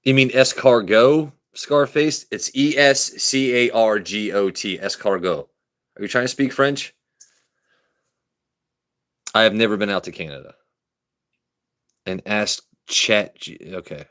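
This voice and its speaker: A man's voice: lowish voice, animated, unhurried, long pauses, fairly bright tone. A young man hosting a casual phone live stream, joking, swearing and talking back to his viewers' comments. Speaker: livestream host. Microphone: phone camera.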